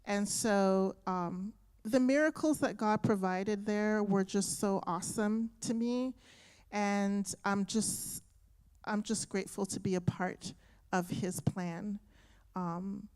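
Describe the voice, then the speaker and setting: A woman speaks to a congregation in an earnest, grateful way. She takes her time and lets each phrase land slowly. Her pitch sits in an ordinary middle range. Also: mellow. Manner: earnest and grateful, moved by the memory. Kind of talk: testimony to a congregation. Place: church sanctuary.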